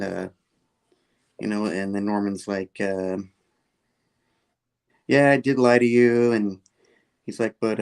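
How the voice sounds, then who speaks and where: A man's voice: lowish voice, creaky. A man casually recapping a comic book story, rambling with many fillers and quoting the characters in passing. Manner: rambling, full of fillers and "he's like" quotes.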